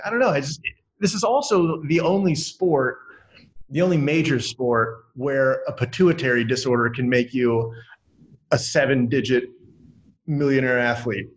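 A man co-hosting a podcast, talking casually in a rambling, animated way and laughing often. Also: mid-range voice, normal speed, rough recording. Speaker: podcast co-host.

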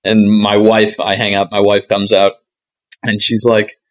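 Storytelling male podcast host, low voice. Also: a little slow. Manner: animated anecdotes with laughs and acted quotes. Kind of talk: casual storytelling.

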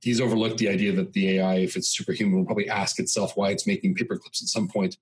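In a conversational podcast interview, a male guest, level in tone and quick, with a low, slightly rough voice, delivers lengthy, example-heavy stories. It's a rough recording.

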